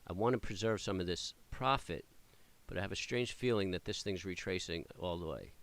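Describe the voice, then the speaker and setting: Casual male day trader with a deep, low voice, talking off the cuff through his trades, filler-heavy, excitable. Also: fairly quick. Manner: rambling, many fillers and restarts, excited cheering at the chart. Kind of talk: casual live trading commentary.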